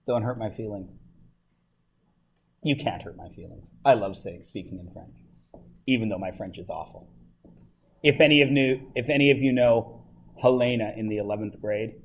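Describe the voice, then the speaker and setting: Teaching a high school math class, this Canadian man keeps things casual, joking around with the students and peppering them with questions. The recording has a little hiss or hum.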